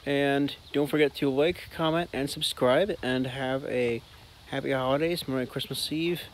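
A man vlogging outdoors on a farm with his dog, chatting casually and talking to the dog in a high sing-song voice. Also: fairly even intonation, moderate pace, slight background noise. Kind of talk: casual vlog narration. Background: faint outdoor ambience.

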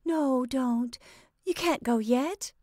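A woman's voice: a little high, lively intonation, moderate pace, darkish tone, no room sound, clean studio sound, voice pushed up. A woman voicing an earnest, anxious young woman in a storybook reading, speaking in a pleading way.

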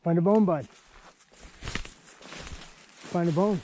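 A man vlogging while shed hunting in the woods, talking warmly to his dogs with excited praise and laughter. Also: high voice, takes it slowly, a little hiss or hum. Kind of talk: casual outdoor vlog talk to dogs. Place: woods outdoors.

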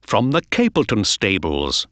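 Man voicing a calm, knowing detective. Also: fairly low pitch, unhurried, dry recording, exaggerated voice. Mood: watchful. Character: calm, knowing male detective, quietly confident.

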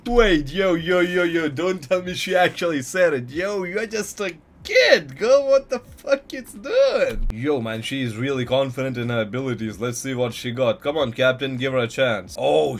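A man hosting an anime reaction video, commenting live in an excitable way and tossing in "yo" and "man" a lot. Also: fairly high pitch. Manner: excitable, repeats "yo" and "man", bursts into laughs and shouts. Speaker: anime reaction channel host.

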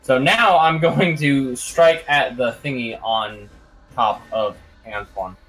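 A man playing a tabletop game in casual chat, animated and casually swearing. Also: medium pitch, takes it slowly, slightly rough, soft background music, low-quality recording. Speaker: player.

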